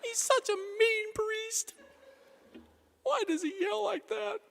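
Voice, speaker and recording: A man's voice: takes it slowly, creaky, fairly bright tone, heavily acted. A man doing a whiny, scared little child. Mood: whimpering. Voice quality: whiny, high-pitched. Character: frightened whimpering small child. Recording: reverberant church hall.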